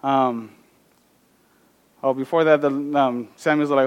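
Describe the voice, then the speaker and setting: A man casually retelling a Bible story and reading scripture aloud, often pausing with fillers. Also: mid-range voice, fairly even intonation, clear, resonant tone, muffled recording. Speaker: Bible teacher.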